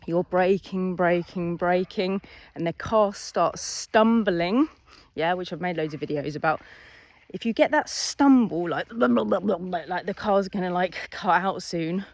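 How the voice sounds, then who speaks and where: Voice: medium pitch, a little slow, dry recording. Chatty driving instructor, dry sound. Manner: chatty, animated, acts out little scenes. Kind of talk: casual driving lesson talk.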